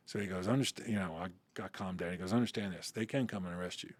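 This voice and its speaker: A man's voice: sits low, quick pace, hardly any pauses, no room sound. A middle-aged man telling a story in an interview, acting out the dialogue and cussing casually. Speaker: interview guest.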